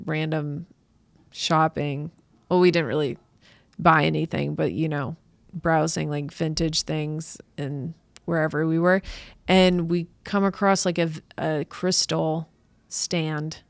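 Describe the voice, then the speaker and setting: A woman in her thirties, a comedian hosting her own podcast, rambling through a casual monologue with halting restarts. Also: deep voice, creaky, no room sound. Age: 30s. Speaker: podcast host and stand-up comedian.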